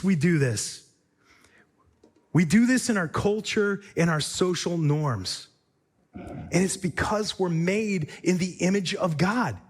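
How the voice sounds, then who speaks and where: A male pastor preaching a sermon with emphatic, repetitive rhetorical phrasing. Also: sits high.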